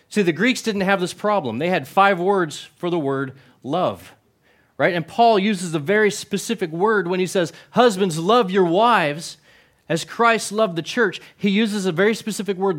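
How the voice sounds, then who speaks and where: Man preaching, high-pitched voice, middle-aged pastor, chatty sermon, asks the crowd questions. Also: expressive, moderate pace. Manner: conversational, asks the audience questions, repeats words.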